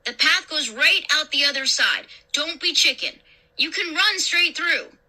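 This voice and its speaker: A woman's voice: high-pitched, expressive, slow, pushed and bright, pitched above the performer's own voice, exaggerated voice. A woman voicing a bold young boy who dares his friends, in a spoken horror story. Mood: urging. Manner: urging, daring.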